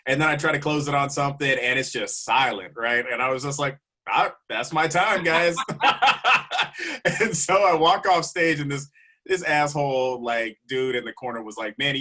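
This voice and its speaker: A man, a comedian guest, telling a road story in a casual, animated way with frequent laughs. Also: medium pitch.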